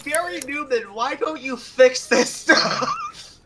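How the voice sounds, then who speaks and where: A woman giving casual gameplay commentary, excitable and giggly, laughing constantly as she plays. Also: high-pitched, slow, very noisy. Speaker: gamer.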